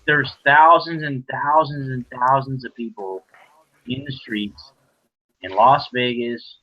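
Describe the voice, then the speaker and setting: An earnest man hosting a voice chat, patiently pulling the group back on topic. His voice is husky. The audio is dull and lo-fi. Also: medium pitch, steady tone, a little slow. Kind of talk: casual discussion.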